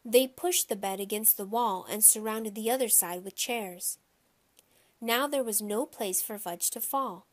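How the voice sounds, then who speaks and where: A woman narrating a children's audiobook in a lively first-person storytelling voice. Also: mid-range voice, a little slow.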